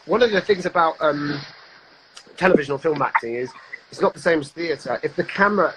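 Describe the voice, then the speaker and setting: A male actor rambles casually on a live video call, chatty and constantly restarting his sentences. His voice is on the high side and fairly quick, and the audio is very noisy.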